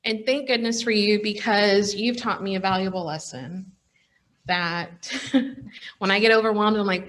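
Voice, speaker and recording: A woman's voice: mid-range voice, moderate pace, a bit bright. Choked-up woman giving a farewell speech. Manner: choked up, laughing through tears. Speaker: outgoing chapter president. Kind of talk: emotional farewell speech at an awards program.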